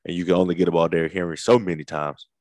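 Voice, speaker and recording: A man co-hosting a casual sports talk show, giving his take in a relaxed, measured way. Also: low-pitched, no room sound. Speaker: podcast co-host.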